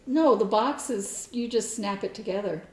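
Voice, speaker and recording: A woman's voice: mid-range voice, moderate pace, recorded from a distance. A woman co-hosting a casual crafting chat, wry and matter-of-fact about her own work. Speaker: podcast co-host. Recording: roomy echo.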